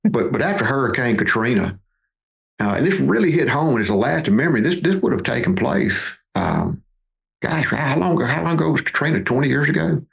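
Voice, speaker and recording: Gravelly man in his fifties. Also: medium pitch, lively intonation, fairly quick. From Mississippi, USA. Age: 50s. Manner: folksy, repeats words as he restarts. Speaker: podcast guest, duck hunting outfitter. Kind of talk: conversational storytelling.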